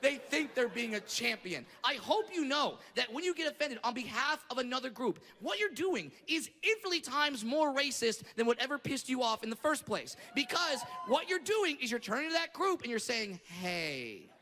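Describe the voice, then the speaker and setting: High-voiced man ranting on a comedy stage. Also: moderate pace, hardly any pauses. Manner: loud, animated, ranting delivery with shouted punchlines. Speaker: stand-up comedian. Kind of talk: stand-up comedy set. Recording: echoey theater with audience noise.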